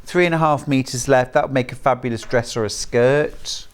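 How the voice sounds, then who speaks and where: British woman, TV sales host, effusive, smooth and clear. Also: a bass voice, moderate pace. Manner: gushing, enthusiastic. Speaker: shopping channel presenter. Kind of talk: live selling patter. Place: TV studio.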